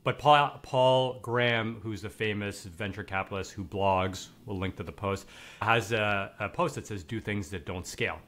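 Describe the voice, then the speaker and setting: A man hosting a podcast in a loose, enthusiastic way, often dropping in "like" and the odd swear. His voice sits a little low. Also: moderate pace, fairly bright tone. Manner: enthusiastic, loose, swears casually, many "like" fillers. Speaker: podcast host. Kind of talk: casual podcast chat.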